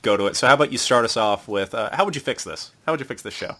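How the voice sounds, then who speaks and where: A man hosting a casual podcast, teasing his co-hosts and telling stories in an animated way. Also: mid-range voice, racing. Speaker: podcast host.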